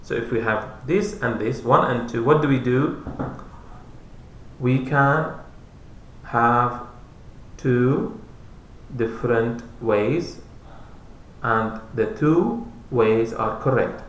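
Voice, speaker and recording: Male teacher, patient repetitive explainer, echoey room sound. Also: mid-range voice. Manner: slow, repetitive, spells out letters. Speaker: English grammar teacher. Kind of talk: explaining grammar lesson. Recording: roomy echo.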